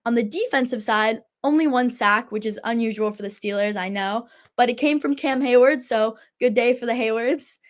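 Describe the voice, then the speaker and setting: A woman's voice: fairly high pitch, normal speed, few pauses. A teenage girl hosting a casual sports talk show, chatty and enthusiastic. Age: teens. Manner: chatty and enthusiastic, laughs often. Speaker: host.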